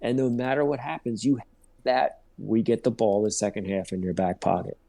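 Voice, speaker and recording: A man co-hosting a casual sports podcast, ranting in a profane, rambling, animated way. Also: fairly low pitch, a little fast, gravelly. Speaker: podcast co-host.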